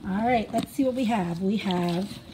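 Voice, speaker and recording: A woman's voice: mid-range voice, normal speed, noisy background. A young woman teaching a children's phonics lesson, encouraging, sounding out letters in a sing-song way.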